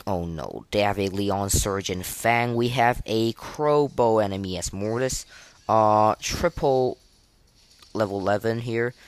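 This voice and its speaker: A man's voice: fairly low pitch, clear, resonant tone. A young man giving live gameplay commentary, flustered and self-deprecating, full of fillers and restarts. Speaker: gaming podcaster.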